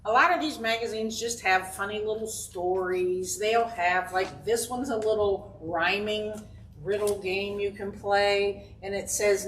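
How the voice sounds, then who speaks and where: Woman, children's librarian, slow and encouraging, roomy library, faint background noise. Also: mid-range voice. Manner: slow, encouraging, pauses for kids to guess rhymes. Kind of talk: reading aloud to children. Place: inside a library. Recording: roomy sound from a distant camera.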